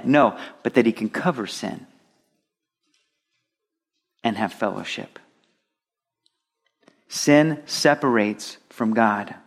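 A man preaching a sermon, swinging between emphatic loud stresses and soft drops. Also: mid-range voice, slow, pauses often.

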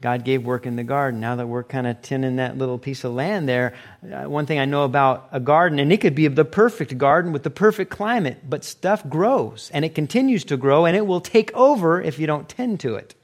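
A middle-aged man preaching a sermon as pastor, animated, sometimes acting out short quoted exchanges. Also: on the high side, brisk.

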